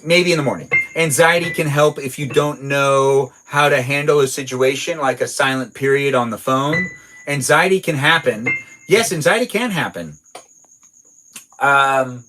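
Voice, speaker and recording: A man with a somewhat high voice hosts a relaxed livestream from his garage. He rambles playfully and reads out viewer messages as he answers them. Soft music plays faintly behind him. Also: low-quality recording. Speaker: livestream host reading viewer chat. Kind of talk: casual livestream chat. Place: home garage.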